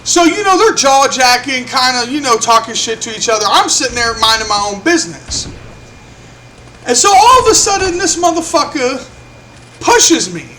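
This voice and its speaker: A young man with a very high, bright, sharp voice tells a story to the camera in a loose, cursing style. He acts out each person's lines as he goes. A faint hiss sits behind him. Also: normal speed. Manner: animated, profane, acts out quotes. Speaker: vlogger. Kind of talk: casual storytelling.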